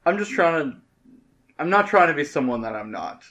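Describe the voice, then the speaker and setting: A man's voice: fairly high pitch, very animated, moderate pace, a bit bright. Hesitant young man on a podcast. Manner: hesitant, repeats words when starting. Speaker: podcast co-host. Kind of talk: casual podcast chat.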